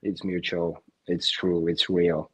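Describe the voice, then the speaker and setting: A man's voice: low voice, level tone, slow, a bit bright, husky, low-quality recording. A man co-hosting a casual movie debate show, earnestly retelling scenes and quoting lines. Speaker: podcast co-host.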